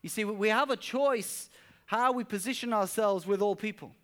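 A man's voice: high voice, moderate pace, a bit bright. A man preaching a sermon at a church service, telling stories earnestly and often repeating words as he goes. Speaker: pastor.

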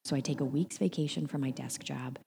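Low-voiced woman telling an animated story. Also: a little fast, vocal fry, breathy edge. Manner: animated, acts out quoted voices. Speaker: guest, audiobook narrator. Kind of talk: casual storytelling chat.

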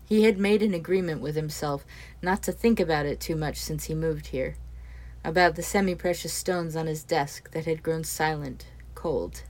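A woman reading a story aloud as its narrator, steady and expressive. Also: deep voice, moderate pace. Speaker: audiobook narrator.

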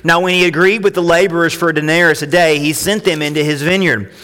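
A man preaching a sermon as pastor, impassioned and climbing higher when he reads scripture. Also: steady tone, fast talker, bright, forceful tone. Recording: long hall reverb.

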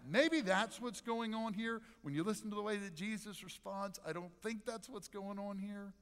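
A pastor preaches in an animated, conversational way, leaning on dramatic pauses. His voice sits fairly high for a man, and a long reverb carries it around the church sanctuary. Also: smooth. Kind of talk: sermon.

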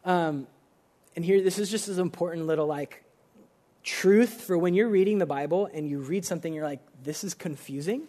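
A young man preaching in a loose, chatty way, leaning on "like" as he works through his thoughts. His voice sits high for a man. He sounds earnest and informal rather than polished. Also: normal speed, dark tone. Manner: conversational, frequent filler "like", earnest. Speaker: pastor. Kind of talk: casual sermon.

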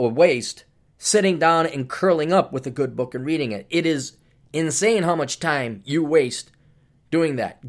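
A man's voice: a little high, a little mellow. A man hosting a casual podcast monologue, talking in a sarcastic, ranting way. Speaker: podcast host.

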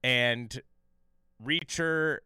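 A man's voice: mid-range voice, extremely slow, sharp tone, smooth, no echo, studio quality. A man co-hosting a podcast, recapping a TV episode in casual, profane chat full of fillers and restarts.

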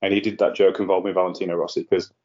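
A man's voice: low-pitched, flat delivery, very fast, darkish tone. A man hosting a casual podcast, chatty and rambling, often laughing at his own jokes. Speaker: podcast host. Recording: lo-fi muffled sound.

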